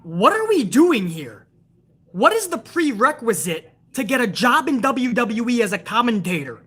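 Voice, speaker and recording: Husky-voiced woman ranting with profanity. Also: on the high side, very animated, normal speed. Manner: reads out and answers chat viewers. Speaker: show host. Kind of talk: heated wrestling show rant to a live chat.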